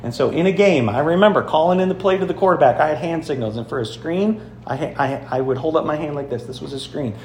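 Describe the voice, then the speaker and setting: A fairly high-voiced man preaching a sermon in a church sanctuary, switching between earnest teaching and animated storytelling. He talks straight to the congregation with emphatic questions. The room gives an echoey sound, with faint ambience behind him. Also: fast, hardly any pauses, slight background noise. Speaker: pastor.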